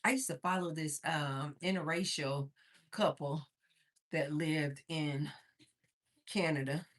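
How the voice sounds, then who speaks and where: A woman's voice: low-pitched, steady tone, slow pace. A woman from Missouri hosting a casual livestream, chatting, reading viewer comments aloud and laughing often, a little out of breath from moving around. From Missouri, USA. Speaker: livestream host.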